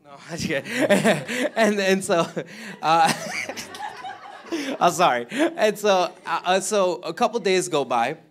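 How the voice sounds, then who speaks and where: Guy telling a church testimony, kinda high voice, rambles and laughs a lot, restarts all the time. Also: huge pitch swings, slow. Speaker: mission trip member giving testimony. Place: church service.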